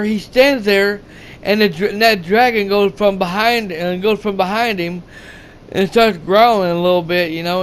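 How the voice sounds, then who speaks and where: A man's voice: high voice, slight background noise. A man casually recapping a movie's plot, rambling and repeating himself with lots of "you know"s. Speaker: channel host reviewing a movie.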